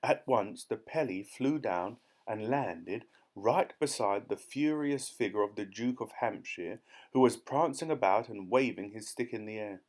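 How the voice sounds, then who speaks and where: A man narrating a children's audiobook in a clear, steady storytelling manner. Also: on the low side, a little slow. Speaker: audiobook reader.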